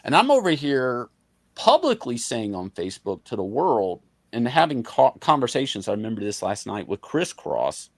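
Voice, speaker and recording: A man guesting on a podcast, a comic artist telling stories in a casual, animated way, swearing freely and acting out the arguments he recounts. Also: medium pitch, normal speed, dry recording. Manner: animated, profane, acts out quoted arguments.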